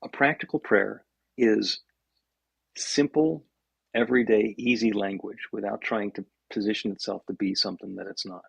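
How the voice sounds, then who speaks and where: A man co-hosting a podcast as a minister, explaining in a halting way and often restarting his words. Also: on the low side, fairly even intonation, no echo, muffled recording. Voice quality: gravelly, husky.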